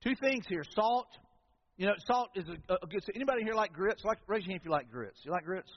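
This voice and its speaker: A man's voice: high voice, lively intonation, brisk, slight background noise. A man preaching a sermon to a congregation in a church sanctuary, in a folksy, conversational style with storytelling asides. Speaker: pastor. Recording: echoey hall, dull lo-fi sound.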